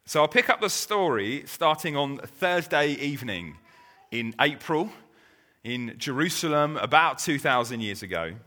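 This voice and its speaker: A man gives a storytelling sermon in a bright, forward voice. He talks conversationally, restarting his sentences and slipping into the speech of the people in the story. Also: a little high, big pitch swings, measured pace. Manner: conversational, with restarts and acted quotes. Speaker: preacher.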